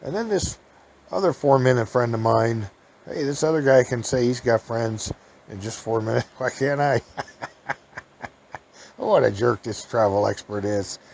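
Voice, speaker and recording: A man's voice: medium pitch, measured pace, gravelly, pauses often, darkish tone, a little hiss or hum. Podcast host, male, folksy rambling storyteller, casual chat, chuckles often.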